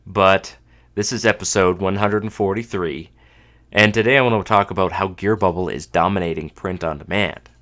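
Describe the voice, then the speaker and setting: Male podcast host, 30s, from Canada, very low voice, congested, wry casual monologue. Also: fairly even intonation, normal speed, a bit bright. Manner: dry, self-mocking humor. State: stuffed up from a cold.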